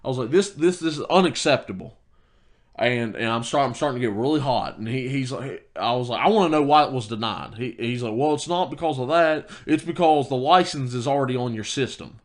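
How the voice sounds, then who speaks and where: A podcast co-host with a medium-pitched voice speaks briskly while telling a heated story in casual chat. He quotes himself heatedly and restarts often.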